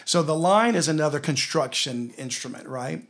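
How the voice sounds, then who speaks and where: A man with a Southern US accent teaching a conversational Bible lesson, telling stories and slowing down to read scripture aloud. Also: fairly high pitch, lively intonation, a bit bright. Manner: storytelling, slows down to read scripture.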